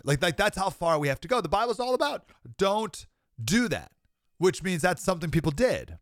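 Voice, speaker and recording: A man's voice: sits high, very animated, normal speed, dry recording, studio quality. A young man hosting a podcast, preaching earnestly and emphatically, laughing between points and sounding slightly sick with a cold. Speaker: podcast host. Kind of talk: preaching monologue.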